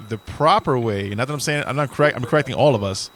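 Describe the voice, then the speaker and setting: A man's voice: medium pitch, fast talker, fairly bright tone. A man co-hosting a podcast in casual chat, rambling and joking, swearing freely as he talks. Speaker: podcast co-host. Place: indoors, dim room.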